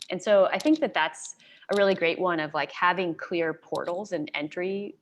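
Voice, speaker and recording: A woman's voice: fairly low pitch, a bit bright. A woman in her thirties, a guest speaker answering questions on a video call in a conversational, enthusiastic way, often saying "like".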